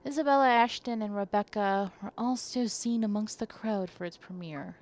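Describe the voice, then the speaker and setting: A young woman streaming a story game, reading its text aloud and reacting as an easily frightened player. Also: mid-range voice. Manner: easily frightened, reads text slowly and softly.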